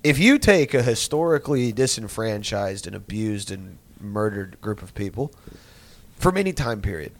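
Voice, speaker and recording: A man's voice: lowish voice, very animated, normal speed. A young man hosting a podcast, telling a story in a rambling, profane way with lots of filler words. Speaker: podcast host. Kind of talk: casual storytelling.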